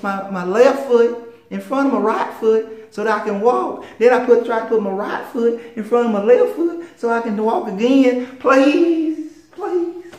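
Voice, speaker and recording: A man putting on a whiny, high begging voice. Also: fairly even intonation, vocal fry, heavy reverb. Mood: whining, pleading. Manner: high-pitched, drawn-out whining pleas. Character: whiny pleading commenter begging for help, adult man.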